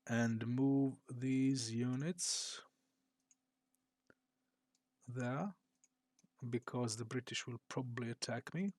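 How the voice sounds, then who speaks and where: A man who develops games, thinking aloud slowly as he plays his strategy game on a live stream. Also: mid-range voice, no echo. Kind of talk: live gameplay commentary. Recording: loud game battle sounds behind.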